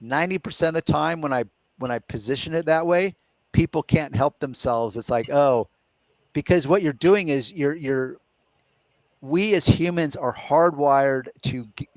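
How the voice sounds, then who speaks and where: A man's voice: medium pitch, no room sound. A middle-aged man hosting a casual live question-and-answer chat, explaining his points step by step and reasoning aloud. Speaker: podcast host.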